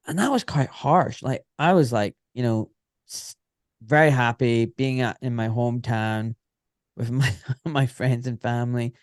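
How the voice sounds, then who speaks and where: A man's voice: medium pitch, a little slow, dry recording, clean studio sound. A Scottish man in his forties, an orthopaedic surgeon, telling stories in a casual, rambling interview full of filler phrases. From Scotland.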